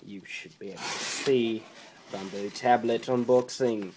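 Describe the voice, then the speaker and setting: A young man casually unboxing a drawing tablet on camera, joking around, swearing and filling pauses with ums. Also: medium pitch, background noise. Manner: playful, swears, mock-panics, trails off with fillers.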